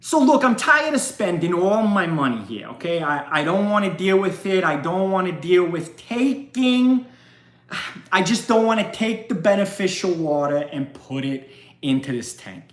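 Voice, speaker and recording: A man's voice: high-pitched, very animated, moderate pace. Brief: a man playing a fed-up thrifty grumbler, slightly raised voice, insistent. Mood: exasperated. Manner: complaining, insistent. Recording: roomy echo.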